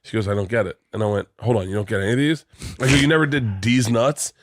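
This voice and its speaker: A man's voice: mid-range voice, quick pace, no room sound, clean studio sound. A man on a podcast telling an anecdote, acting out both sides of a conversation. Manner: animated, acts out dialogue. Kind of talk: casual storytelling.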